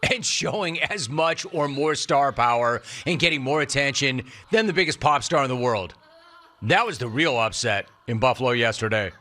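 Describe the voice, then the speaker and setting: On his sports talk show, a middle-aged male host rolls out a sarcastic, emphatic monologue, repeating lines to drive them home. His mid-range voice comes across bright and forceful.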